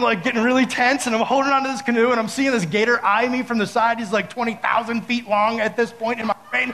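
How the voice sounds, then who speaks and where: A man preaching a casual sermon, telling a story to his audience and acting out his panic in loud outbursts. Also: very high voice, quick pace, few pauses, low-quality recording. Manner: talks straight to the audience with many fillers.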